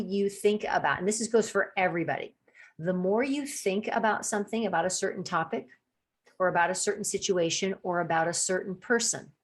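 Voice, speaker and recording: A woman hosting a solo podcast as a coach, talking casually with many restarts and acting out quoted thoughts. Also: on the low side. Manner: chatty, acts out quoted inner voices with restarts.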